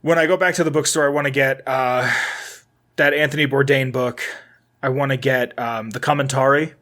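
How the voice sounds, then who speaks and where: A young man co-hosts a podcast in casual chat, his medium-pitched voice steady yet sharp at a moderate pace. He rambles, swears loosely, and often trails off before restarting.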